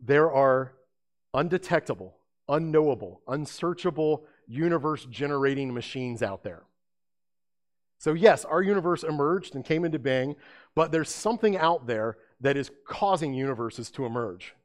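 A man giving a lecture-style sermon, talking lively and conversationally and asking his audience questions. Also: fairly high pitch, moderate pace. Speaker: speaker presenting apologetics.

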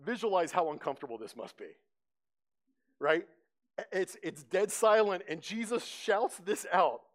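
A man preaching a sermon, telling the scene with lively storytelling and acting out the crowd's voices. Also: high voice, a little slow. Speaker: pastor. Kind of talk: sermon teaching.

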